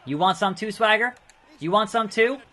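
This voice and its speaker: A man casually commenting while playing a wrestling video game, chatty and quick to react out loud. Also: high voice, animated. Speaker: gaming video host. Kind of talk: casual let's play commentary.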